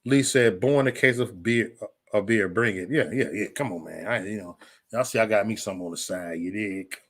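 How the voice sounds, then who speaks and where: A man with a fairly low, fairly bright voice talks a little fast during an angry livestream rant aimed at his critics. He curses, grows heated, repeats himself, stumbles into restarts, and reads comments from the chat.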